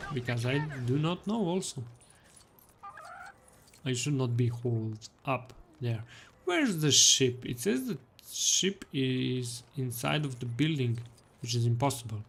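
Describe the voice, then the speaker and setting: A man's voice: mid-range voice, creaky, a bit bright, slight background noise. A young man streaming a video game live, cheerfully greeting viewers and reading the chat aloud, laughing often.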